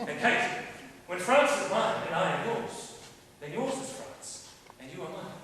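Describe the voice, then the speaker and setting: A man's voice: high-pitched, animated, unhurried, bright, forceful tone, a little hiss or hum, full character voice. A man playing a bluff, teasing young king wooing his princess. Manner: teasing, declamatory verse delivery. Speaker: stage actor. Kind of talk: classical stage acting. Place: large indoor theater stage. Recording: distant stage sound in an echoing theater.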